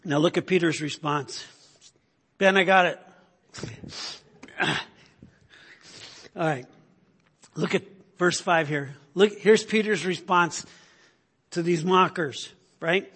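A man's voice: high-pitched, slow, long pauses, fairly bright tone, slightly rough. A man preaching a sermon in an emphatic, conversational way, often checking in with the listeners. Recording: long hall reverb.

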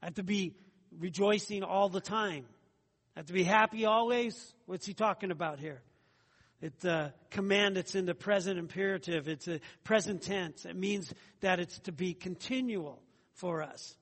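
High-voiced man preaching in a reverberant hall. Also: moderate pace. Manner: earnest, repeats phrases, conversational asides. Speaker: pastor. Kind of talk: sermon.

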